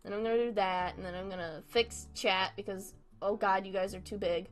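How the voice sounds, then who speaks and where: A woman's voice: medium pitch, steady tone, fairly quick, hardly any pauses, soft background music. A young woman streaming and chatting casually while she draws, giggly, scattered and self-mocking. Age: young adult.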